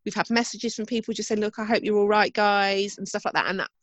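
A chatty woman tells stories in a casual co-hosted talk and readily mocks herself. Her voice sits at a middle pitch. The recording is dry and close, with no room sound around her. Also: fairly even intonation, fast, a bit bright, dry recording. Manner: chatty storyteller, self-mocking, swears casually. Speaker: podcast co-host. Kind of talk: casual chat.

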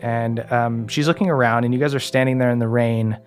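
A man's voice: medium pitch, steady tone, brisk, faint music behind. A man narrating a tabletop game as game master, loose and full of fillers.

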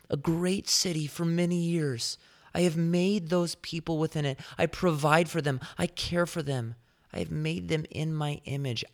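A man voicing God as patient and gently stern, pressing a sulking prophet with pointed questions. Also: medium pitch, pitched above the performer's own voice, close to an everyday voice.

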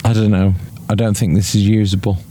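A man's voice: on the low side, level tone, brisk, mellow. A man, tipsy and hiccupping, chatting dryly with a friend outside a football ground. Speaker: podcast co-host. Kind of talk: casual chat with a friend. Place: outdoors near a football ground.

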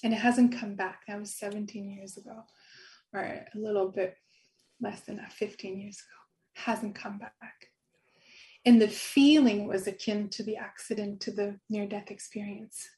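A woman's voice: medium pitch, steady tone, moderate pace, darkish tone. A middle-aged woman telling a personal story in an interview, earnest and laughing often. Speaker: guest.

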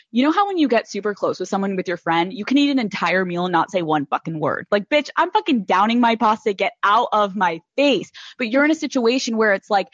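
A woman's voice: on the high side, dry recording, dull audio. Gushing, foul-mouthed woman podcast host. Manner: gushing, swears freely, heavy use of "like". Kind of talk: casual podcast chat.

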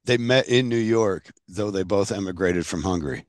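A man's voice: deep voice, normal speed, dry recording, studio quality. A man hosting a podcast, jokey and chatty, firing off casual questions. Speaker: podcast host.

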